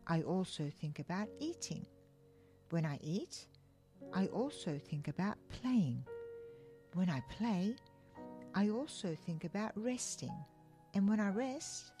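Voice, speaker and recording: A woman's voice: on the low side, warm tone. A woman reading the part of a restless, cheeky monkey who asks questions with eager curiosity.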